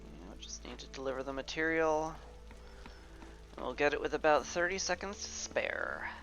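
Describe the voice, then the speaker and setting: Gravelly man musing over a game. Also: a little high, big pitch swings, a bit bright, soft background music. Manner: musing aloud, playful asides, drawn-out fillers. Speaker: video game player. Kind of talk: casual game commentary.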